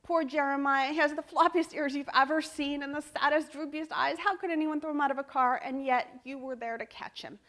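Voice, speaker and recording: Wide-eyed child storyteller, high and earnest, pleading, as a woman puts it on. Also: fairly even intonation, brisk, hardly any pauses, fairly bright tone. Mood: tender. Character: emotional young child narrator, sweet and sad.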